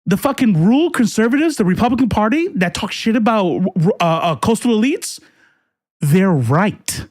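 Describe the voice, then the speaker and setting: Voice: mid-range voice, sing-song, moderate pace, a little mellow, no echo, clean studio sound. A political commentary host ranting to a live chat in a profane, combative way.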